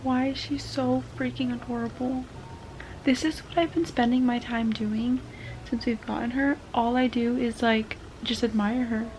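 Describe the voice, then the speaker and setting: A woman's voice: on the high side, fairly even intonation, moderate pace, darkish tone, faint music behind, low-quality recording. A young woman vlogging in a casual, chatty way, gushing and emotional as she talks to her viewers. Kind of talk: casual chat to camera.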